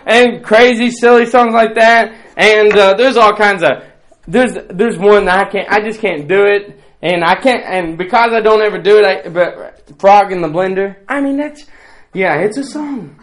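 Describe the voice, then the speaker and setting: A middle-aged man, teaching a bus ministry workshop in a playful, animated way and breaking into song. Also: high-pitched, a little slow. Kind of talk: training talk with sung examples.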